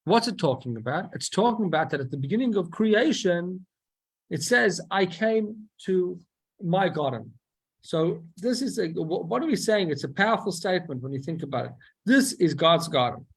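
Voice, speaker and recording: Husky-voiced man teaching a text. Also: high voice, lively intonation, a little fast. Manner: explanatory, asks and answers his own questions, frequent restarts. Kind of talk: explaining a text in a class.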